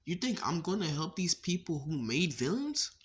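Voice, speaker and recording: A man's voice: a little high, big pitch swings, moderate pace, background noise, pitched above the performer's own voice. A man voicing a ruthless, money-driven teenage boy hero who talks bluntly with slang and profanity in a fan-made story. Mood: cocky.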